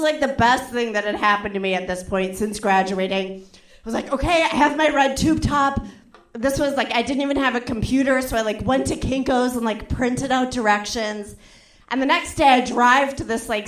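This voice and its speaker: A young woman doing stand-up, telling a story in a chatty, animated way and acting out the other people's lines. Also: on the high side, echoey room. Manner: animated, acts out quotes with voices, frequent "like". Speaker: stand-up comedian.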